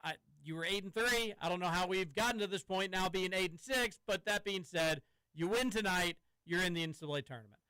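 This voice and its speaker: A man's voice: sits high, fairly quick, sharp tone, clear, resonant tone, no room sound, rough recording. A man hosting a sports talk radio show from a studio, talking casually and rambling with some stammering. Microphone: studio microphone.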